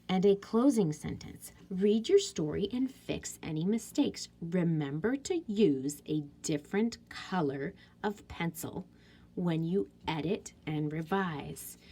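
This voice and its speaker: A woman teaching a writing lesson to young children, thinking aloud in a slow, patient, sing-song way as she edits a story. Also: medium pitch, a little mellow. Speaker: elementary school teacher.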